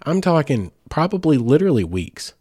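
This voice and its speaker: A man's voice: fairly high pitch, sing-song, moderate pace, darkish tone, husky, no room sound, clean studio sound. A man hosting a podcast, chatting loosely with many fillers and restarts. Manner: rambling, chatty, with fillers and self-corrections. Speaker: podcast host. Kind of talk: casual monologue.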